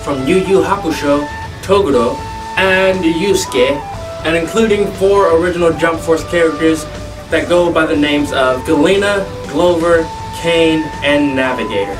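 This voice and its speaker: A man hosting a hyped gaming video, energetic and jokey with self-mocking asides. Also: on the high side, unhurried. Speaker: host. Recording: distant mic with music. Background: background music.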